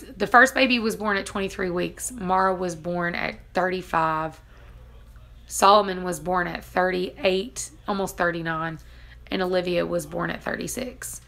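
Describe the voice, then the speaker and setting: A woman's voice: lowish voice, vocal fry, pushed and bright. A woman in her thirties, a vlogger and mother, chatting casually and telling stories, acting out quotes and laughing often. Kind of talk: casual chat.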